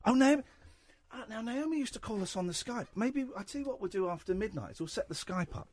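A man's voice: high-pitched, expressive, fast, darkish tone, no echo. A man hosting a late-night radio phone-in, teasing and bluntly challenging his callers. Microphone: studio microphone.

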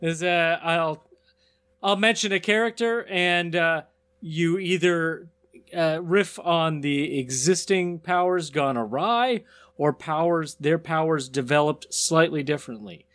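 A man's voice: fairly high pitch, a little slow, fairly bright tone, smooth. Chatty man riffing with laughs. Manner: rambling, laughs often, many fillers. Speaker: podcast co-host. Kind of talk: casual comedic riffing.

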